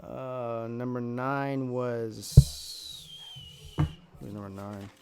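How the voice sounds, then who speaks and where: A man's voice: medium pitch, steady tone, very slow, vocal fry, heavy background noise. A man from South Carolina hosting a live football draft stream, brash, profane and joking in casual commentary.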